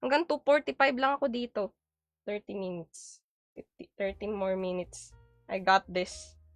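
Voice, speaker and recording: A woman's voice: mid-range voice, moderate pace, no echo. A young woman from the Philippines with a Filipino accent, chatting on a live stream while she cooks, reading viewers' comments aloud and switching between Tagalog and English. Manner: chatty, reads chat aloud and answers viewers. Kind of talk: casual live-stream chat while cooking. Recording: dry close sound with faint background music.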